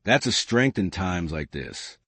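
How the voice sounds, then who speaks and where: A shrewd, gentle old spinster sleuth, voiced by a man, speaking softly as she probes. The voice sits low yet rises and falls freely. The sound is close and dry. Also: sing-song, measured pace, husky, no echo, exaggerated voice. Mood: gently probing. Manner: soft, kindly, probing. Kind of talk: storybook reading.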